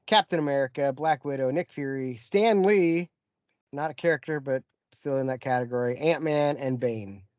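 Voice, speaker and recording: A man's voice: a little high, darkish tone, no room sound. A man co-hosting a podcast in casual chat, rambling through lists with lots of ums and chuckles. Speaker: podcast co-host. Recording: dry, muffled lo-fi podcast audio.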